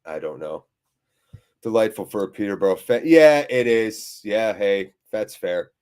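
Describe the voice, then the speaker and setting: A man's voice: on the low side, expressive, unhurried, darkish tone. A man hosting a live fan watchalong, reading viewers' chat aloud with jokey swearing and a weary, deflated tone.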